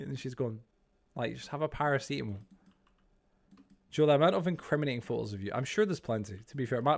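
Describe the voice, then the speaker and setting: A man chatting casually while streaming a game. He rambles, swears freely, stammers and pokes fun at himself. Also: medium pitch. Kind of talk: casual chat while gaming.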